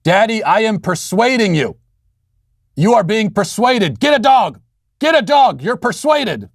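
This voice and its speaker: A man imitating his small daughter as she demands a dog, chanting it louder and louder. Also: high-pitched, sing-song, measured pace, no echo, studio quality, pitched above the performer's own voice, full character voice. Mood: insistent.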